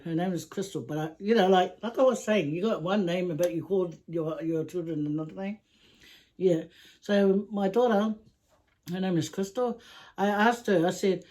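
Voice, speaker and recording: A woman's voice: lowish voice, mellow. A middle-aged woman vlogger chatting casually while answering viewer questions at a meal, laughing often. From Samoa. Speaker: YouTube vlogger.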